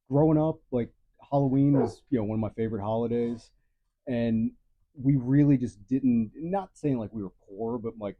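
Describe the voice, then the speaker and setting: A man answering interview questions in a relaxed, easygoing way, with some halting pauses. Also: medium pitch, highs cut off. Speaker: guest prop maker.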